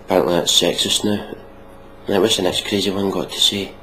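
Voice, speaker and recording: A man's voice: sits low, fairly even intonation, a little fast, pushed and bright, slight background noise, poor audio. A man hosting a casual reaction video, mocking and sarcastic, swearing freely.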